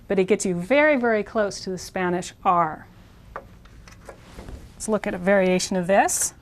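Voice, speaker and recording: A woman teaching a Spanish pronunciation lesson, slowly sounding out words and repeating them for practice. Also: medium pitch. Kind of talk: instructional video lesson.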